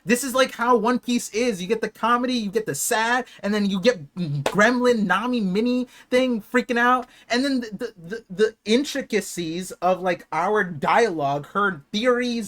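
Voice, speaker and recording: Young man, live streamer, emotional reaction, hushed then loud, casual slangy talk. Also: sits high, moderate pace, hardly any pauses. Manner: excitable, emotional, swings from hushed awe to loud outbursts. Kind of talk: live watch-party reaction.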